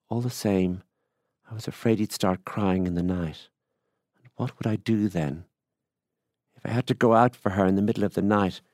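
A man reading aloud, voicing a middle-aged rural widower who tells his story in a slow, confiding way. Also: deep voice, a little mellow, no echo, clean studio sound.

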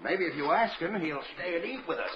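A man's voice: fairly high pitch, lively intonation, brisk, a crowd in the background, natural voice. An actor playing a secretive middle-aged father in a 1940s radio drama, guarded and curt. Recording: dull old radio broadcast.

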